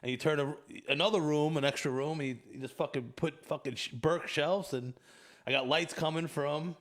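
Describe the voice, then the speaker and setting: A man's voice: a little high, moderate pace. A man hosting a casual podcast, telling crude stories with lots of swearing and laughter. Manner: profane, animated storytelling with laughs. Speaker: podcast host. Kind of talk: casual chat.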